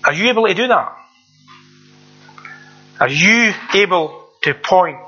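Man, preacher, sermon, earnest, rhetorical questions, bright tense voice. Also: high voice, expressive, moderate pace, pauses often, breathy edge, soft background music. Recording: dull lo-fi recording.

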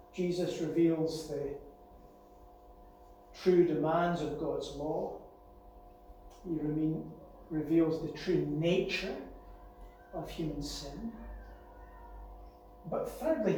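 A man delivers an earnest sermon, his voice sitting fairly high and now and then climbing into urgent warning. He is heard from a distance in a very reverberant church hall. A faint hum sits under the recording. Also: mellow. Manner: earnest preaching, building to raised warning passages. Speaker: pastor.

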